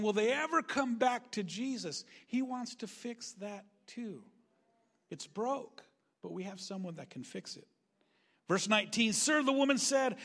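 High-voiced animated male preacher. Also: gravelly. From Northern California. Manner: animated preaching, acting out quoted voices, shifting volume. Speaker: pastor. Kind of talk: sermon.

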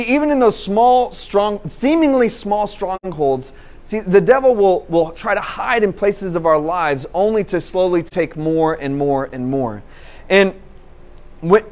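A young man delivers a sermon in an easygoing, storytelling way. His voice sits high for a man, and he often breaks into laughter and stumbles over restarts as he builds to his point. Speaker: preacher.

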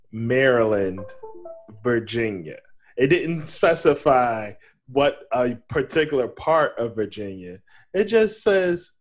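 Man, podcast co-host, slow-paced, needling, casual banter. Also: medium pitch. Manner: needling, deliberate, reads quotes aloud.

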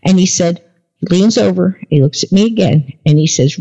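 A woman's voice: lowish voice, normal speed, vocal fry, husky. Woman telling a tense story, lo-fi. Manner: animated storyteller, acting out dialogue. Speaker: podcast guest. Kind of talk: storytelling in a casual interview. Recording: dull lo-fi recording.

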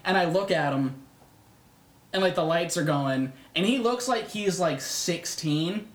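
A young man, co-hosting a casual podcast and telling a profane, animated story that acts out the other voices. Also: on the high side, measured pace. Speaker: podcast co-host. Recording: echoey room.

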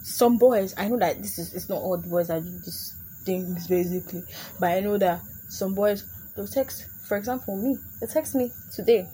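A woman's voice: mid-range voice, normal speed, warm tone, a little hiss or hum. A young adult woman hosting a casual comedic podcast, chatty and laughing often as she slips into put-on voices. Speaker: podcast host.

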